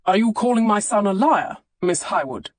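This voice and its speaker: A woman voicing a stern, suspicious older gentleman in an audiobook, questioning sharply. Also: medium pitch, animated, moderate pace, no room sound, lightly acted.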